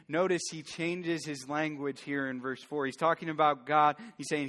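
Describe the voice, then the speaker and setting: A man's voice: on the high side, fairly even intonation, a little slow, a bit bright. A man preaching a sermon as pastor, earnest and building to fervent emphasis. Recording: long church hall reverb.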